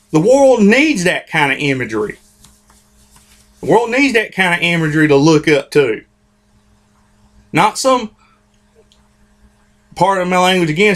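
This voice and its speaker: A man's voice: high-pitched, fairly bright tone. A man hosting his own comics commentary vlog, ranting in a heated, informal way and restarting and repeating phrases. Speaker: host of a comics commentary channel. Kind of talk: opinionated vlog rant.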